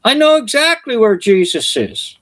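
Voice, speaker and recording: A man voicing a cheeky little boy named Johnny in a high squeaky child's voice. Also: very animated, normal speed, a bit bright, exaggerated voice.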